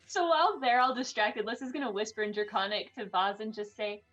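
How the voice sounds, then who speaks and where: High-voiced woman at a role-play table. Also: a little fast, fairly bright tone, highs cut off, faint music behind. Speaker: player.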